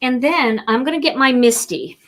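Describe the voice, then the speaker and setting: A woman's voice: high-pitched, animated, moderate pace, background noise. Chatty woman demonstrating card stamping. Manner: chatty and playful, talking to viewers while working. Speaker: card-making instructor.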